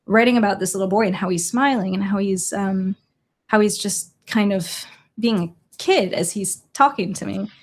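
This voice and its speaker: A young adult woman from Chicago, a journalist guest, telling a story in an earnest, halting way with quoted dialogue. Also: medium pitch. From Chicago, USA. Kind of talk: storytelling in a conversational interview.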